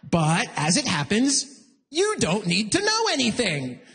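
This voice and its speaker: Stand-up comic, male, high and lively delivery, slightly husky, big reverberant room. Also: measured pace. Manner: animated, self-mocking, jumps into loud high act-outs. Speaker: stand-up comedian. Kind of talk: stand-up comedy set. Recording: long reverb of a hall.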